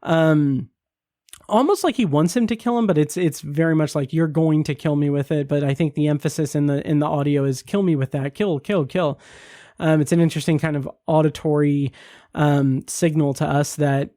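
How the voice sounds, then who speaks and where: A man's voice: fairly high pitch, mellow, no echo, clean studio sound. A man hosting a solo podcast, casually reviewing a TV episode in a rambling way, full of fillers and restarts. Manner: rambling, many fillers and restarts, acts out quoted lines.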